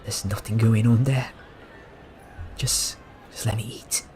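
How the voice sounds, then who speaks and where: A man doing a grumpy, exasperated diner who mutters low and wants nothing but quiet at his meal, with a faint hiss behind him. the voice sits low and unhurried. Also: steady tone. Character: grumpy male diner wanting peace.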